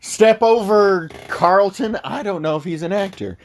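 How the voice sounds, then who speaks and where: A man's voice: high-pitched, measured pace, a little hiss or hum. A man hosting a podcast from a studio and reviewing a movie in a rambling, casual way, with forgetful, self-mocking asides.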